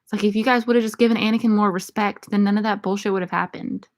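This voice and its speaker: A woman's voice: medium pitch, fairly even intonation, fast. A young woman in casual Q&A chat, answering viewer questions with irreverent, profane, laughing banter. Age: young adult.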